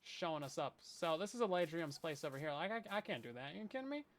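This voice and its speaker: A man's voice: fairly high pitch, lively intonation, quick pace. A man giving rambling, self-deprecating commentary while playing a survival game on a stream. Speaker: Minecraft streamer. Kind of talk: casual gameplay commentary.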